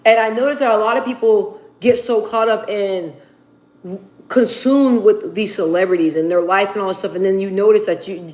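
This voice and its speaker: A woman talks loosely on a livestream in a mid-pitched voice, slangy and rambling, restarting her sentences. The room around her rings with echo. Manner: rambling, slangy, repeats words while thinking. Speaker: livestreamer reading chat. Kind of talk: casual livestream chat.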